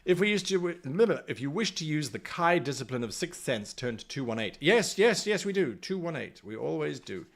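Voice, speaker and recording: Lively man reading a gamebook. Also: fairly high pitch, normal speed, creaky, hardly any pauses. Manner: chatty, talks to the stream chat, reads passages aloud. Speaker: game master. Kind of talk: reading a solo gamebook on a live stream.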